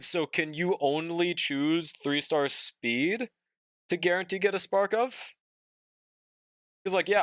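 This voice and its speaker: Here a young man plays and streams, his medium-pitched voice a bit bright as he drawls along, laid-back and sleepy, yawning now and then. He swears often while reading and replying to chat in casual conversation. The studio-quality sound has no echo.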